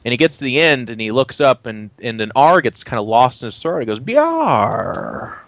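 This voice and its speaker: A man's voice: mid-range voice, quick pace, fairly bright tone, no echo. A man narrating a tabletop role-playing game as game master, chatty and playful.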